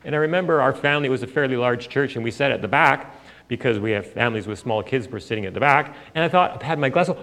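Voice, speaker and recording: A man's voice: mid-range voice, animated, fast talker, a bit bright. A man preaching a sermon in a conversational, storytelling way, with frequent fillers. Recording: long hall reverb.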